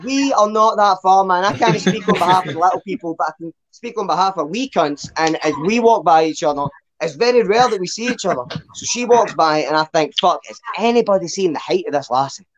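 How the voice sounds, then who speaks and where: A man's voice: high voice, lively intonation, brisk, hardly any pauses. Sweary Glaswegian man doing stand-up. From Scotland. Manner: rambling, sweary, ends lines with "man". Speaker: stand-up comedian. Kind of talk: stand-up set at an online open mic.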